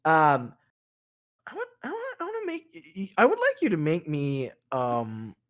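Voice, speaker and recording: A man's voice: fairly high pitch, huge pitch swings, moderate pace, a bit bright. A man narrating a tabletop role-playing game as game master, casual and rambling, with many fillers and restarts.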